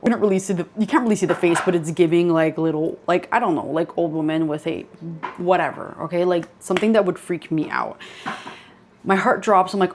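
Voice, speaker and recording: A woman's voice: lowish voice, brisk, a little hiss or hum. A young woman hosting her channel, casually telling a ghost story with lots of "like" fillers. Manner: chatty, many "like" fillers, laughs while telling. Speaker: channel host.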